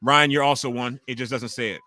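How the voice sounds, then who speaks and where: Host type: man in his forties, loud and chatty, bright, forceful tone, swears freely while reacting to wrestling live. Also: medium pitch, fairly even intonation, fairly quick. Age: 40s. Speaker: livestream host. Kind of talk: casual live wrestling watch-along commentary.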